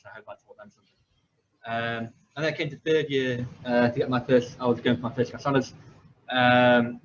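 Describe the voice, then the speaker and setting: A young man from England, a podcast host, telling his story in a rambling, self-deprecating way with many fillers and restarts. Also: mid-range voice. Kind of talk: casual storytelling. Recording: slightly dull lo-fi audio with faint background noise.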